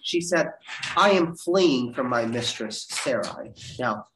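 A man teaching a Bible class, reading verses aloud with dramatic leaps in pitch. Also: expressive, slow pace, background noise. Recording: roomy echo.

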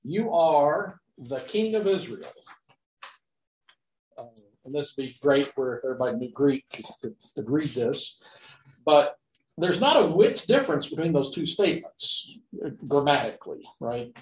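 A man's voice: mid-range voice, expressive, a little hiss or hum. Man teaching Bible Greek, echoey room. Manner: halting, frequent fillers and restarts, rhetorical questions. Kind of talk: unscripted Greek grammar lecture.

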